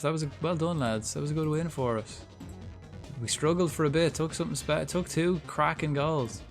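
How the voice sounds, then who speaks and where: A young Irish man chatting casually while streaming a football management game, reacting aloud and swearing freely. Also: a little high. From Ireland. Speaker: gaming streamer. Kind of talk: casual live-stream commentary.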